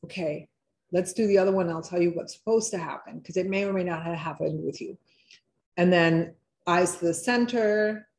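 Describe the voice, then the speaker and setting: A woman with a fairly low pitch and darkish tone leads a live wellness workshop online. Chatty and encouraging, she talks viewers through easy relaxation exercises and eases her pace when guiding the steps.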